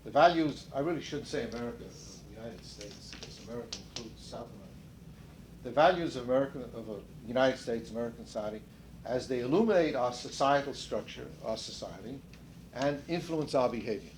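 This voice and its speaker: An older man leads a seminar discussion, lecturing conversationally, asking the group questions and rephrasing or restarting mid-sentence. His medium-pitched voice is fast with lively intonation, and there's a slight hiss or hum.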